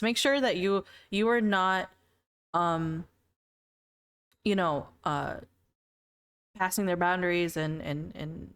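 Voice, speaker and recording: A woman's voice: lowish voice, moderate pace. Giggly young woman streamer chatting. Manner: giggly, laughs often between sentences; chatty, repeats words and restarts often. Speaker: livestreamer. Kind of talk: casual chat with stream viewers.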